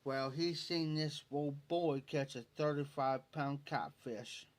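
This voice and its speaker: A man's voice: on the high side, steady tone, slow pace. A man telling a long, rambling fishing story on a livestream in folksy rural speech, repeating "I said" over and over. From Ohio. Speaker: livestream host. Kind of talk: casual storytelling.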